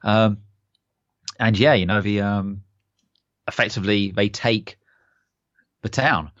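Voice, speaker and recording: A young man with a lowish voice co-hosting a podcast, chatting casually and enthusiastically, rambling through fillers and restarts. The recording is dry and a little dull, with a lo-fi sound. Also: fairly even intonation, slow, fairly bright tone, no echo. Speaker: podcast co-host. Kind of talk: casual chat.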